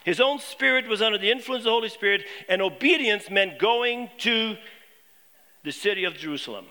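A man preaching a sermon to his congregation, posing questions and dropping low and quiet on key points. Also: lively intonation, brisk. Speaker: pastor.

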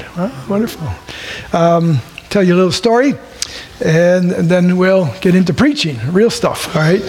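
A man preaching a sermon and telling a joke first, in a chatty, conversational way with asides to the room. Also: sits high. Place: church hall. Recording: echoey hall with faint ambience.

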